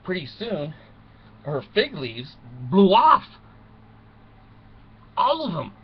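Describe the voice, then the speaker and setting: A man's voice: sits high, wildly swooping pitch, slow, slightly rough. Folksy man telling a rambling story. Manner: folksy, rambling, with chuckles and asides. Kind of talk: mock bedtime story for children. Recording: muffled recording with faint noise.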